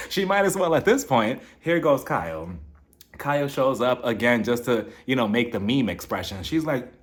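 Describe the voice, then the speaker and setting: A man casually recapping a reality TV episode, animated and gossipy, laughing often as he retells the drama. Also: medium pitch, unhurried.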